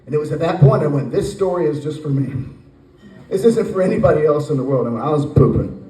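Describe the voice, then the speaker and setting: A man in his forties doing a stand-up comedy set, telling a rambling story with animated acted voices. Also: on the high side, quick pace. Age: 40s. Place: brewery stage with live audience. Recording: roomy echo, from a distance.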